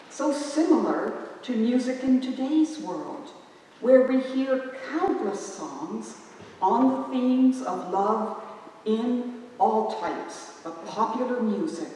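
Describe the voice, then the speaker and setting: Measured woman presenter, slow delivery, recorded from a distance in a reverberant church. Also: a little high, darkish tone, a little hiss or hum. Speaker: event presenter. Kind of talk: scripted introduction. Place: church hall. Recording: echoey church from far off.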